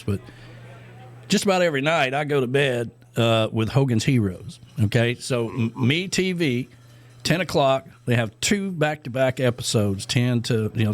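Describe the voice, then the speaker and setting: Rambling middle-aged radio co-host man. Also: medium pitch. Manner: rambling, many fillers and restarts. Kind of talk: casual radio chat.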